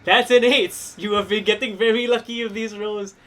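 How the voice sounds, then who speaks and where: A man with a Singaporean accent running a tabletop wrestling game as game master, explaining rules briskly with lots of fillers. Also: high-pitched, steady tone, pushed and bright.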